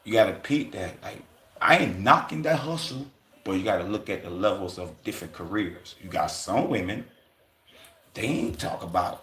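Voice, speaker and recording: Casual livestream host, male, low register, profane street slang, echoey room. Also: expressive, moderate pace, a bit bright. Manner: loose, profane street talk with quoted asides.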